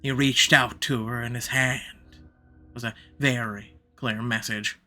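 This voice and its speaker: A man's voice: mid-range voice, fairly even intonation, unhurried, sharp tone, faint music behind. A man reading a visual novel aloud, narrating expressively and shifting his pace for drama.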